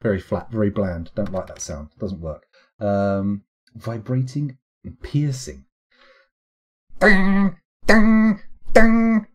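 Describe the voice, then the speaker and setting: A man's voice: on the low side, unhurried, mellow, husky. A man chatting playfully on a live stream, rambling and breaking into vocal sound effects. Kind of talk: casual live-stream chat.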